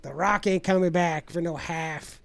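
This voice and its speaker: A man's voice: a little high, moderate pace, vocal fry, no room sound. Profane, rambling man in casual chat. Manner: profane, rambling, animated storyteller.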